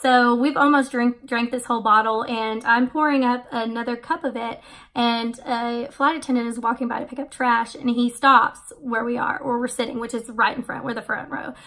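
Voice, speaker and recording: Woman, twenties, vlogger, slightly high voice, casual storytelling, lots of fillers. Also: fairly even intonation, moderate pace, fairly bright tone. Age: 20s. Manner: chatty, many fillers and "like".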